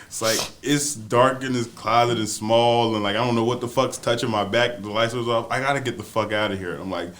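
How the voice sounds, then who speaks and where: Speaking at medium pitch, a little fast and with hardly any pauses, a podcast co-host tells a story on a casual show. He's an animated storyteller who performs the quotes and laughs plenty.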